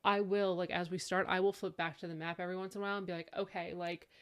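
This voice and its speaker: Animated woman podcast co-host. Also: fast, over a noisy crowd. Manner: animated storyteller, acts out quotes in high voice. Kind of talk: casual chat.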